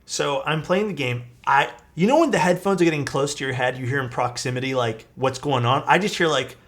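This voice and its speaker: A man's voice: mid-range voice, brisk, a bit bright. A young man streaming from his desk, telling a rambling story in a casual way, with lots of "like" and some swearing. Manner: rambling and chatty, peppered with "like" and swearing. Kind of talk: casual storytelling while building a keyboard on a live stream. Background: faint background music.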